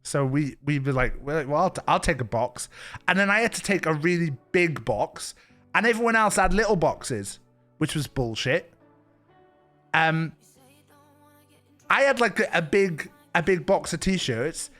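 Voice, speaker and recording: A man's voice: fairly high pitch, animated, measured pace, pauses often, fairly bright tone, faint music behind. A young man with a Welsh accent, telling a rambling story to his stream with frequent restarts and bursts of laughter. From Wales. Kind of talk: casual storytelling chat.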